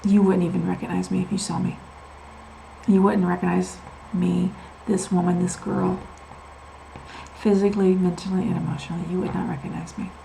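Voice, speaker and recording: Gravelly-voiced woman telling a personal story. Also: lowish voice, level tone, moderate pace, warm tone, a little hiss or hum, rough recording. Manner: emphatic, repeats words for stress, goes off on tangents; candid and confiding. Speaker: vlogger sharing her medical experience.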